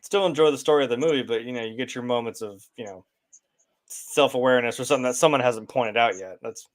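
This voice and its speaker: Rambling, filler-heavy male co-host chatting about movies, mid-pitched, laughs often. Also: fast talker. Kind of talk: casual movie review chat.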